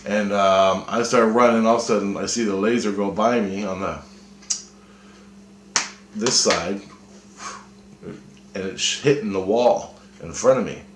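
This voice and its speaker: Low-voiced man rambling through a story. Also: fairly even intonation, unhurried, long pauses. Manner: rambling, profane, restarts often. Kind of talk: casual dream retelling. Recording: echoey room, faint noise.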